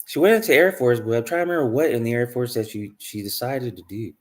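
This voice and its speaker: A man's voice: mid-range voice, fast talker. A man telling a personal story in a casual monologue, rambling and emphatic, swearing freely. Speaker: spiritual vlogger.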